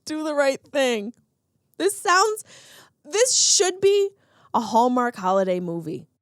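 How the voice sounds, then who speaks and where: A sarcastic woman in her thirties hosts a comedic podcast, riffing on odd news. Her voice sits a little high and animated in pitch. She is recorded close and dry, with no room sound. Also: takes it slowly, dry recording. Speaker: podcast host. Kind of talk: comedic solo podcast monologue.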